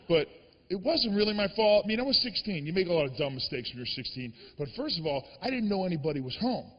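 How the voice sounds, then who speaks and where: A man from the Boston area performing a stand-up comedy set, telling stories in an animated, profane way. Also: high-pitched, fast, in a large hall, dull audio.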